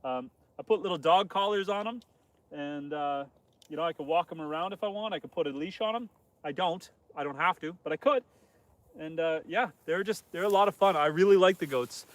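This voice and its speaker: Fairly high-pitched and fairly quick, the Northern Canadian host chats casually with his live-stream audience from outside on his homestead, surrounded by animals. He rambles in a relaxed way and reads comments aloud.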